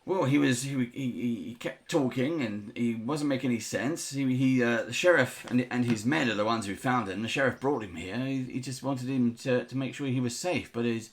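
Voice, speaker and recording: A fussy male asylum doctor, as a game master puts him on, trips over his own words, repeating and restarting as he dodges hard questions. His voice sits at an ordinary middle pitch. He talks like a nervous man protecting his patients in a tabletop game. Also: normal speed, few pauses, close to an everyday voice. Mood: flustered. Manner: stammering, defensive, fussy. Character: evasive, flustered male sanatorium doctor.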